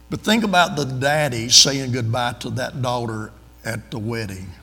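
An older man with a drawl preaches in a church, telling homespun stories and turning often to the congregation. His voice is gravelly, at an ordinary pitch for a man, and the sanctuary gives it a long ringing tail. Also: pushed and bright, long reverb tail. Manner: folksy, drawling, storytelling with asides to the congregation. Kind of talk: sermon with folksy stories.

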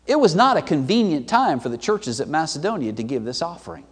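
A man preaching a sermon as pastor, swinging between loud emphatic peaks and low, quiet drops. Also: very animated, brisk, breathy edge. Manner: emphatic preaching with sweeping pitch and loudness swings. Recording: long hall reverb.

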